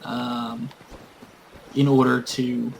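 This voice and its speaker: A man's voice: mid-range voice, level tone, drawn-out words, creaky, a little hiss or hum, low-quality recording. Male gamer, casual rambling storyteller with lots of fillers and swearing. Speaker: gamer and tabletop game master. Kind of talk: casual storytelling while playing a game.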